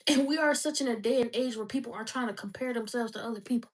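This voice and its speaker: A woman's voice: a little high, fast, distant mic. A woman giving an emotional, preachy faith monologue, repeating her exhortations with passion and at times crying. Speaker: vlogger.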